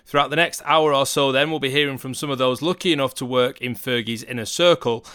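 A man, hosting a podcast in a measured, broadcaster-like way. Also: medium pitch, steady tone, bright, forceful tone, clean tone, no room sound, studio quality. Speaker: podcast host. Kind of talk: podcast chat.

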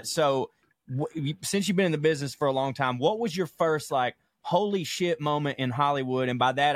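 A man hosting a podcast, asking questions in a relaxed, casual way. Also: medium pitch, dry recording, studio quality. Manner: laid-back questioner, lots of backchannel. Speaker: podcast host. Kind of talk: casual interview chat.

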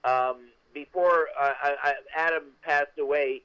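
An older man, a veteran actor, telling stories as an interview guest in a chatty, animated way with many restarts. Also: fairly high pitch, a little slow, clean tone, dull audio. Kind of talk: interview storytelling.

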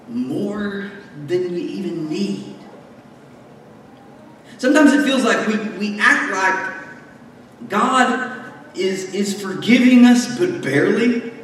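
A man with a high voice preaching a conversational sermon with jokes and asides, taking his time between phrases. He sounds far from the mic in a large hall, with long reverb ringing around him and faint room noise behind. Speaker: pastor.

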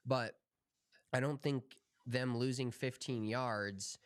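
A man co-hosting a golf podcast, talking in a relaxed, opinionated way and swearing casually. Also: mid-range voice, slow, clean tone, no room sound, clean studio sound. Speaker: podcast co-host.

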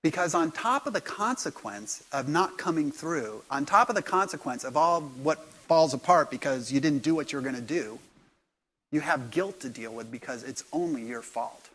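Middle-aged man preaching, hushed to loud. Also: on the high side, animated, moderate pace. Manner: storytelling with swings from hushed to loud. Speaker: pastor. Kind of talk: sermon.

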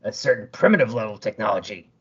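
A man voicing a hungry, shapeshifting alien monster that speaks in a cold, measured way with a husky voice. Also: on the low side, animated, lo-fi sound, voice pushed down, full character voice. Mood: menacing.

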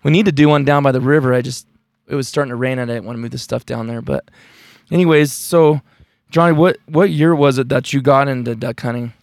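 A man hosting a casual podcast while camping in the mountains, talking in a rambling, relaxed way with lots of fillers. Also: mid-range voice, a little fast, gravelly, dry recording. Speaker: podcast host.

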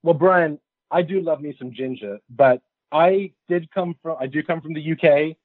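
Self-deprecating and playfully rambling, an English podcast guest with a West London received pronunciation accent keeps the chat casual. His highish voice moves at a normal speed, with no room sound and a tinny, phone-like quality.

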